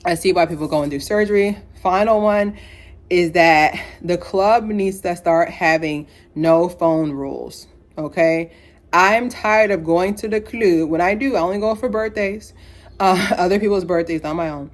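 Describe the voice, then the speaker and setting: A woman in her thirties ranting casually to camera, animated, with frequent laughs and playful asides. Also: lowish voice, normal speed. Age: 30s. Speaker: vlogger. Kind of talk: casual opinion rant to camera.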